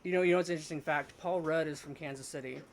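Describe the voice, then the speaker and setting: A man's voice: a little high, fairly even intonation, very fast, a crowd in the background. A man co-hosting a casual podcast chat, rambling with frequent fillers and restarts. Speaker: podcast co-host.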